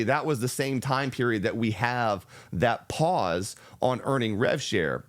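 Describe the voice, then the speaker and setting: A man hosting a reaction video, explaining a business model in a measured, step-by-step way with some restarts. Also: mid-range voice. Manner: measured, explanatory, restarts and fillers, speeds up and slows down. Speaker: real estate channel host reacting to a video.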